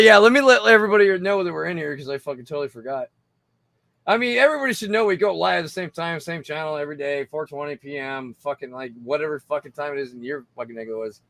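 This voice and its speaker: A man's voice: fairly high pitch, gravelly, fairly bright tone, no room sound. A tipsy man hosting a casual livestream, rambling and swearing between laughs. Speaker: livestream host.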